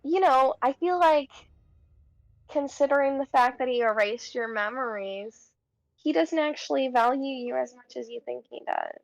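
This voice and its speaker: A woman's voice: high-pitched, normal speed, gravelly, no echo, lo-fi sound. A young woman playing a tabletop game, chatting in a rambling way full of fillers. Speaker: player. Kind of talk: casual tabletop role-play.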